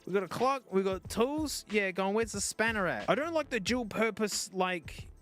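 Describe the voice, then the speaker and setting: An Australian man unboxing and testing old-style phones in casual, excitable commentary, wry and laughing often. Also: sits high, moderate pace, soft background music. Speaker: streamer reviewing phones.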